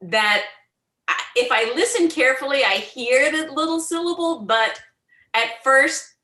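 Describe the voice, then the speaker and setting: Woman, student, reflective, bright voice, echoey room. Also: sits high, lively intonation, a little slow. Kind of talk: classroom remark.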